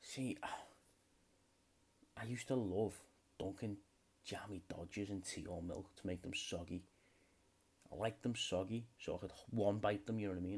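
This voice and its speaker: A man's voice: deep voice, moderate pace, long pauses, darkish tone, breathy edge. A young British man hosting a solo comedy podcast, rambling freely and swearing a lot. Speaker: podcast host.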